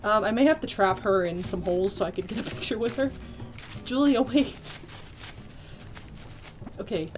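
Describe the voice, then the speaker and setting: A young woman live-streaming a video game, excitable and quick to squeal and laugh as she chats with her viewers. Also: mid-range voice.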